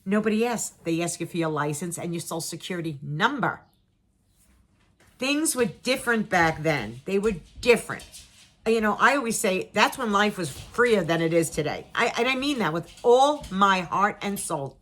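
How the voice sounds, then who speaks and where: Speaking at a normal speed in a medium-pitched voice, a middle-aged woman tells her viewers a personal story. Her delivery is casual, dramatic, and animated: she performs what she and others said, repeating words to drive points home.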